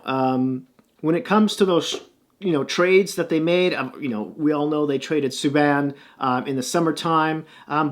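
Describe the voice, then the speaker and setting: Male hockey vlogger, slightly high voice, casual and rambling, stat-heavy commentary. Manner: loose, rambling delivery with many fillers and restarts; reels off stats and standings.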